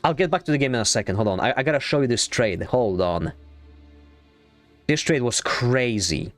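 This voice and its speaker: A young adult man streaming a game, chatting casually in a rambling, excitable way and swearing freely. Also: mid-range voice, moderate pace, faint music behind. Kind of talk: casual gaming stream chat.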